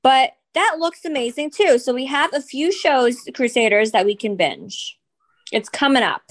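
A woman with a slightly raised pitch co-hosts a relaxed gossip podcast. She jumps in with short, quick reactions and talks casually about TV shows. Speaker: podcast co-host.

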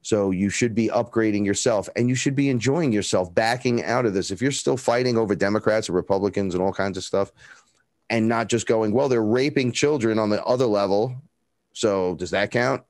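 Guest: a man, lowish voice, dry close sound, swearing storyteller who acts out quotes. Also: fairly quick, a little mellow, no echo. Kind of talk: casual storytelling.

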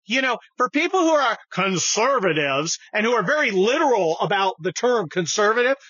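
A man's voice: sits high, big pitch swings, moderate pace, sharp tone, slightly rough, dry recording. A man hosting a podcast, giving casual political commentary in a heated, profane, sarcastic way. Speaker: podcast host. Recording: dull dry studio recording.

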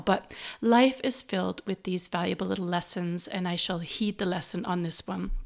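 A woman hosting her own podcast, talking alone in a reflective, upbeat and personal way while she is congested with a cold. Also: mid-range voice. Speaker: podcast host. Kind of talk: solo podcast monologue.

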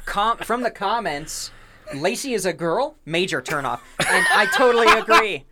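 A man's voice: high voice, big pitch swings, unhurried, heavy background noise. A man co-hosting a podcast in casual chat, playful and laughing often. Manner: giggly, playful. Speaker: podcast co-host.

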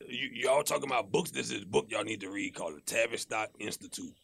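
A man's voice: lowish voice, fast, vocal fry, a bit bright, breathy edge, no echo. A man in a casual podcast chat, explaining his point at length.

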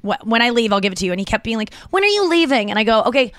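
A woman in her thirties co-hosting a podcast, telling animated stories in casual chat with lots of restarts and fillers. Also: mid-range voice, rapid-fire, a little hiss or hum. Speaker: podcast co-host.

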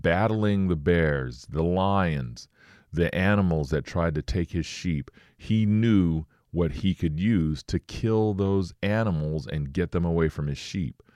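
A man preaching a sermon, reading scripture and slowing to stress his points. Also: deep voice, darkish tone, no echo, studio quality.

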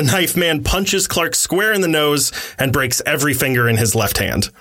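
A man's voice: a little high, normal speed, sharp tone. A man, a podcast host, casually narrating a story scene by scene.

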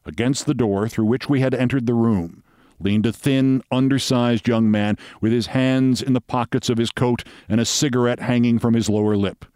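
A man reading a short story aloud in a measured, wry manner. His voice sits at a middle pitch. The recording is dry and close, with no room sound. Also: fairly even intonation, dark tone, dry recording. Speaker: host.

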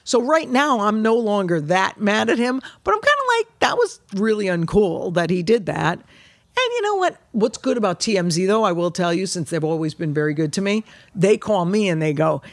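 Brash, animated woman comic telling stories. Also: medium pitch, normal speed, no echo. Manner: brash, animated storytelling with profanity. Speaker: comedian guest. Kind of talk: casual chat.

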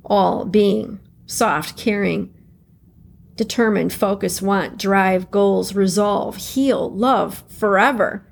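Woman podcast host, unhurried guided-reflection delivery, a gravelly edge, repeats phrases gently. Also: mid-range voice. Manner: slow, calm, repeats key phrases to guide listener.

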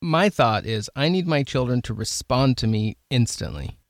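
A man hosting a casual interview, thoughtful and halting, often repeating words as he works out a point. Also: mid-range voice, lively intonation, no room sound, clean studio sound. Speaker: podcast host.

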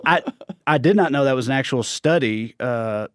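A man's voice: mid-range voice, moderate pace, clean tone, dry recording, clean studio sound. A man with a Southern US accent, chatting as a comedian guest, rambling and self-deprecating as he jokes. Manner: rambling, self-deprecating, slips into put-on voices. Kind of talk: casual chat, comic storytelling.

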